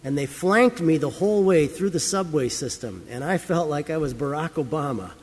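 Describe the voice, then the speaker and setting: A man with a slightly raised pitch delivers a sermon as pastor. He tells stories earnestly and leans hard on key words. The sound carries a long reverb, as if filling a large church hall. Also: a little mellow. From United States. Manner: earnest, storytelling preacher with emphatic rises. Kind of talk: scripture reading and sermon.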